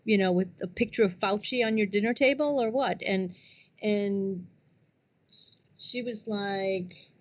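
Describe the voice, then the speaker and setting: A woman hosting a casual conversation. She reacts quickly, laughs along, and gets animated when she tells a story. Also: mid-range voice, dry recording.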